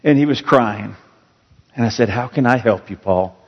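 A man's voice: mid-range voice, normal speed, breathy edge, in a large hall, dull audio. A male pastor preaching a sermon in a church, earnest and storytelling, leaning hard on key words. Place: church sanctuary.

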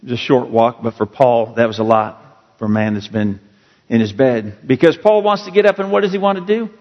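A man's voice: mid-range voice, fairly quick. Man, pastor, earnest sermon, story-driven emphasis, long church reverb, dull lo-fi sound. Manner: earnest, storytelling, rising emphasis on key words. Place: church sanctuary.

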